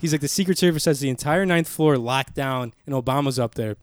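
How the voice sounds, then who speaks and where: A young man with a mid-range, clean-toned voice co-hosts a podcast in a small studio, speaking fairly quickly into a studio mic. In casual chat he tells a long, rambling story, swearing a lot and acting out what others said. The sound is clean, with no echo.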